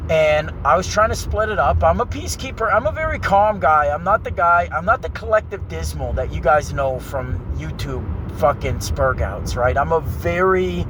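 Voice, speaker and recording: A young man with a light, not very deep voice, ranting in a rambling, profane monologue full of fillers. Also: noisy background. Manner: rambling, swearing heavily, filler-laden. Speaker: vlogger.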